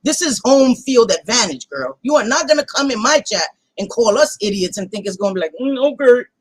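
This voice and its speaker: A woman, chatting on a livestream in a blunt, heated way and cursing freely. Her voice sits a little high and sounds dry and close, with no room around it. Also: very animated, fairly quick, husky, no room sound, rough recording. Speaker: channel host. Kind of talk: casual livestream chat.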